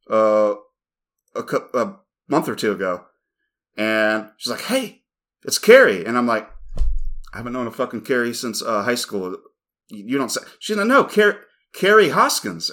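A man's voice: mid-range voice, a bit bright. A man co-hosting a podcast, telling a rambling, profane story in casual chat. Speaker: podcast co-host.

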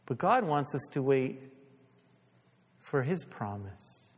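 A man's voice: mid-range voice, sing-song, slow, slightly rough, big-room sound. A male pastor preaching a sermon in a conversational way, asking the congregation questions.

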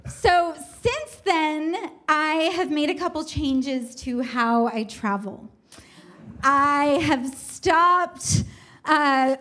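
A young woman with a high voice tells a comic personal story in an animated, self-mocking way. She takes her time and lets each line land slowly.

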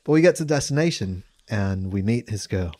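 A man's voice: animated, a little fast, dry recording, clean studio sound. Man doing a hammy fake British accent. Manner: joking, hammy, lower and quieter. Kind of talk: casual podcast storytelling.

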